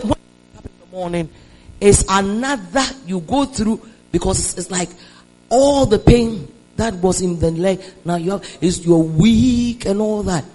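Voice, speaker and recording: A Nigerian woman preacher delivers her sermon with a very animated, wide-ranging voice. She sinks into quiet storytelling and then surges into shouted declarations. She urges the congregation to answer back. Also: mid-range voice, low-quality recording. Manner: calls the congregation to respond. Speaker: preacher giving a testimony.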